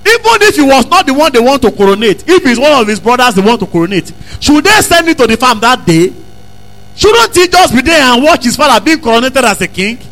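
A man preaching a sermon, repeating phrases and breaking into emphatic shouts. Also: very high-pitched, big pitch swings, a little fast, low-quality recording. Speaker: pastor.

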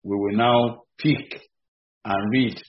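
A man preaching an evening sermon in an emphatic, repetitive way, with sudden rises in pitch and loudness. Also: steady tone, slow pace. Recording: echoey, dull-sounding room recording.

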